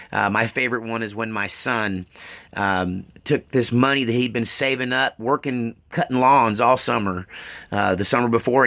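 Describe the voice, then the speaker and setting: Gravelly, bright-voiced man. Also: medium pitch. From Texas. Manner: rambling, folksy, often choked up. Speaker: vlogger reading fan mail. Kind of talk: casual, heartfelt talk to camera. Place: rural land outdoors.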